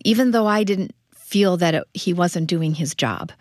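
A woman who is a guest on an interview, the mother of the family, explaining events in a quick, earnest way. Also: fairly low pitch, animated, a little mellow, no echo, clean studio sound. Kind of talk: personal testimony in a faith interview.

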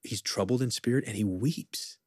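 Low-voiced earnest male professor. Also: normal speed, darkish tone, slightly rough, no echo, clean studio sound. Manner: earnest, reflective, quotes scripture at length. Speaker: professor, podcast guest. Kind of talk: conversational interview talk.

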